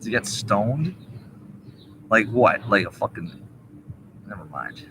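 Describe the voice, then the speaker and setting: A man's voice: fairly low pitch, very animated, slow pace, noisy background. A young man ranting profanely into a laptop webcam during a rambling livestream, agitated and cursing. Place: indoors at a laptop. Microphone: laptop webcam mic.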